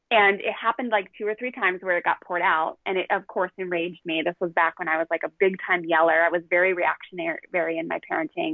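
A woman's voice: fairly low pitch, no echo. A middle-aged woman parenting coach telling candid stories in a podcast conversation, acting out what was said. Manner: candid, animated, acts out quotes. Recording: dry, tinny phone-like line.

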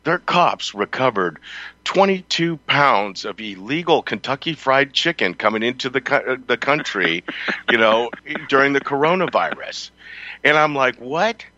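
A man's voice: medium pitch, lively intonation, moderate pace, sharp tone, dry recording, dull audio. A man hosting a talk radio show, chatting casually and sarcastically, often laughing as he rambles through his opinions. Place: radio studio. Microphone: close studio mic.

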